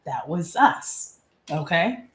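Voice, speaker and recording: Brief: a chatty, candid woman in her forties, lowish voice, recorded in an echoey room. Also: sing-song, slow. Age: 40s. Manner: candid, chatty, laughs often, casual slang. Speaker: vlogger. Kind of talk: personal reflective monologue.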